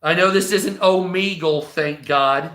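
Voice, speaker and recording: A man's voice: on the high side, measured pace, fairly bright tone, echoey room. A man in his forties ranting casually on a livestream, swearing a lot and rambling. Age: 40s. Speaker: livestream host.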